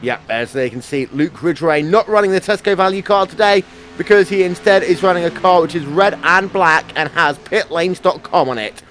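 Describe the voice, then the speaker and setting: Man, race commentator, high-pitched, playful, faint background music. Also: moderate pace, a bit bright. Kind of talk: sim racing commentary.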